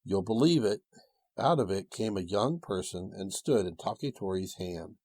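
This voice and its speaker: A man reading a storybook tale aloud with a gentle, old-fashioned storytelling cadence and a husky voice. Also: low voice, expressive, normal speed, dry recording. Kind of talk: storybook narration.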